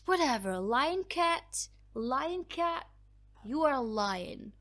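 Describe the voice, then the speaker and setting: A woman with a somewhat high voice talks casually through viewer comments on her book channel. She laughs often and jokes about herself. Her voice cracks at times. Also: big pitch swings, takes it slowly, fairly bright tone. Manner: chatty, laughs often, self-mocking.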